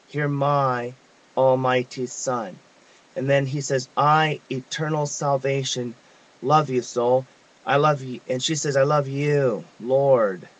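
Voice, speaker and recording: A man reading a devotional text aloud, in a measured, reverent way with pauses. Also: mid-range voice, low-quality recording. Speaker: reader of devotional messages.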